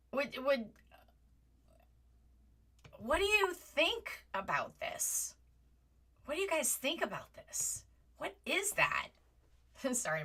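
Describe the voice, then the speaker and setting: A woman hosting a live commentary stream from a home setup, animated and exasperated, often apologizing and at times close to yelling. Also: on the high side. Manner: rises to near yelling at times. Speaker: livestream host. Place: home setup with green screen.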